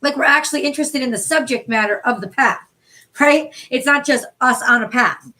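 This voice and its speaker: High-voiced blunt New York woman. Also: brisk, bright, forceful tone. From USA. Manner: blunt, swears, thinks aloud with rhetorical questions. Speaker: tarot card reader. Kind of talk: casual live-stream card reading.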